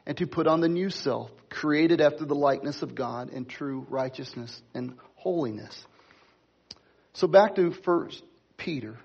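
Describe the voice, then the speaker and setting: A middle-aged man preaching a sermon, stressing key words slowly and talking to the congregation in asides. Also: a little high, vocal fry, breathy edge, highs cut off. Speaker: pastor.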